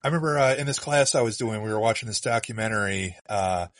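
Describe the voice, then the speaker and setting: A man in casual political chat, telling a story with hesitant, rambling pauses. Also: lowish voice, a bit bright, dry recording.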